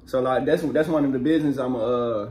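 Halting young man in an echoey room. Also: mid-range voice, darkish tone, slight background noise. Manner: halting, many fillers and restarts, slangy. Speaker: guest, navy sailor. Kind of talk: casual chat.

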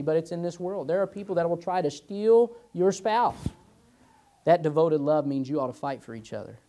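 A man's voice: fairly high pitch, normal speed, dark tone. A man in his twenties teaching Sunday school as a pastor, chatty and folksy, telling personal stories and punctuating his points with "amen". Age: 20s. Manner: chatty, tells personal stories, peppers lines with "amen" and "you know". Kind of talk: informal Sunday school preaching.

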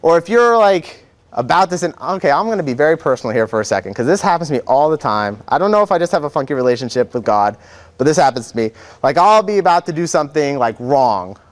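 A man's voice: a little high, very animated, quick pace. A young man, a seminarian, teaching an adult faith class in a chatty, joking way, acting out quotes. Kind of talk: informal classroom lecture. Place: church classroom.

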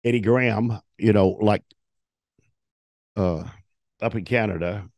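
A man's voice: lowish voice, unhurried, creaky, a little mellow, no echo. An older man, a retired wrestler telling profane stories as an interview guest, acting out the quotes. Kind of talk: storytelling in a shoot interview.

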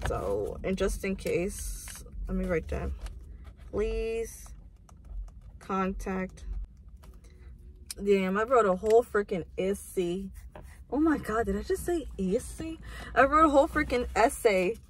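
A woman's voice: mid-range voice, sing-song, slow, pauses often, a little hiss or hum. A young woman in her twenties talking through her day in a casual vlog, candid and full of slang and swearing. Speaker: vlogger.

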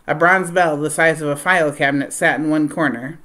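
A woman reading a children's adventure novel aloud in a steady storytelling voice. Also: fairly quick. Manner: steady storytelling, voicing dialogue with raised pitch and volume. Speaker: reader of a novel.

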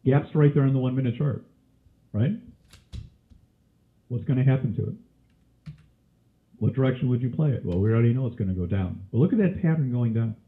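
Male trading instructor, mid pitch, a cough and a scratchy throat, quizzing style, tinny webinar audio. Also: lively intonation, brisk, long pauses. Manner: quizzes listeners with frequent questions. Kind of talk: live webinar teaching.

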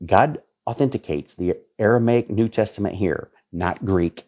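A man in his fifties preaching a sermon, emphatic and repetitive, his voice jumping suddenly in pitch to stress a point. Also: normal speed, few pauses, darkish tone. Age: 50s.

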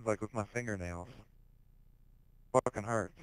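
A teenage boy in casual online voice chat on a headset, rambling crudely with heavy swearing and sudden shouted outbursts. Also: on the low side, normal speed, smooth, no echo, rough recording. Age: teens.

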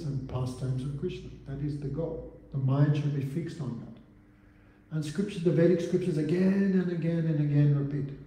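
A man's voice: a little high, dark tone, slight background noise. Guy lecturing at a religious class, chants sanskrit lines then explains, keeps asking the room questions, super echoey room. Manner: recites Sanskrit verses and translates them, asks rhetorical questions. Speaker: spiritual teacher. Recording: very echoey hall with long reverb.

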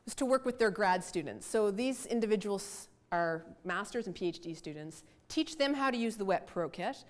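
A middle-aged woman researcher giving a lecture, telling her field story in an animated, self-deprecating way with asides. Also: medium pitch, moderate pace. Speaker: environmental researcher giving a talk. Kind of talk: lecture with a personal anecdote.

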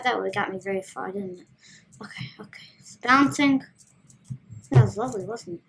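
A woman with a high, slightly bright voice hosts a gaming video, playing and offering casual, playful commentary. She's chatty and talks to herself as she goes.

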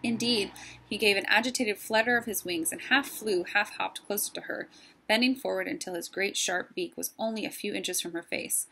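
Husky woman reading a story aloud. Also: mid-range voice, fairly even intonation, normal speed, sharp tone. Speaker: teacher reading to a class. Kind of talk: reading a novel chapter aloud.

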